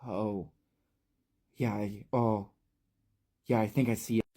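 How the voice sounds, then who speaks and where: A man's voice: fairly low pitch, fairly even intonation, slow, dark tone. A man voicing a panicky, irritable teenage boy who stammers and snaps, in a storytelling recap. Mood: agitated. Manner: agitated, jittery, stammering.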